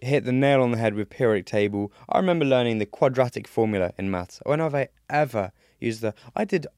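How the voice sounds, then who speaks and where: A man's voice: medium pitch, lively intonation, quick pace, darkish tone, dry recording, clean studio sound. A young British man speaking earnestly as a podcast guest on mental health, with frequent fillers and restarts. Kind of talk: casual conversation.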